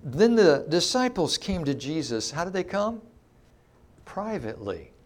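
Unhurried and a little high, with big pitch swings, a middle-aged man delivers an expository sermon. His teaching is emphatic, peppered with rhetorical questions for the audience.

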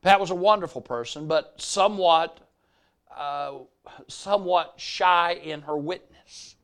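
An older man with a Southern accent preaching a sermon, telling stories with animated storytelling and acting out the people he quotes. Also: sits high, unhurried, clear, resonant tone.

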